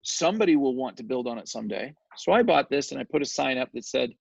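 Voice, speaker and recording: A man guesting on an interview, telling a story in an animated, chatty way and often checking in with "right?" His voice is gravelly and mid-pitched. The recording is dry and dull, with a lo-fi sound. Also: quick pace, few pauses, dry recording. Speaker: guest, real estate developer.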